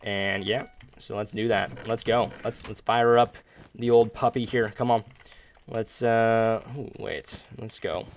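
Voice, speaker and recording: A man hosting a gaming video, chatting casually and upbeat while he plays, with sudden loud outbursts and playful groans. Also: fairly low pitch, steady tone, unhurried, a little hiss or hum. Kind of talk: casual gameplay commentary.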